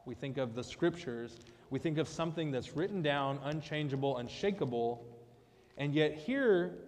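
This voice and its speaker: A man's voice: on the high side, a little mellow, long reverb tail. A man preaching a conversational sermon with joking asides, as pastor of a church. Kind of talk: casual sermon. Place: church sanctuary.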